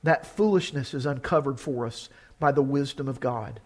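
A man's voice: mid-range voice, moderate pace, a little mellow. A man preaching a sermon, reading scripture with earnest urgency.

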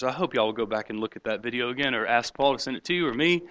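A man preaching a sermon, swinging between loud emphatic points and quiet hushed asides, mocking skeptics in quoted voices. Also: medium pitch, animated, very fast, hardly any pauses. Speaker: pastor.

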